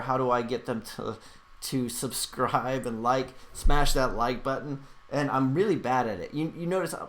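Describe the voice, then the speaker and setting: A man hosting a casual livestream, reading out chat questions and answering them in a rambling way, with lots of fillers and restarts. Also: medium pitch.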